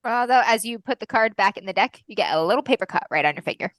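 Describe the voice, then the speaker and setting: A woman running a tabletop game, narrating scenes in a wry, playful way. Her voice sits fairly high. The sound is dry and close. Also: animated, quick pace, a bit bright, dry recording, rough recording. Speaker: game master.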